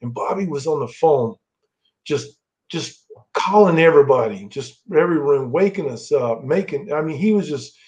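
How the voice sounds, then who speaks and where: A middle-aged former wrestler, appearing as a guest on the show, tells anecdotes in a loose, rambling style full of restarts. His fairly high voice is expressive and a little mellow at a moderate pace, and the recording sounds dull and lo-fi.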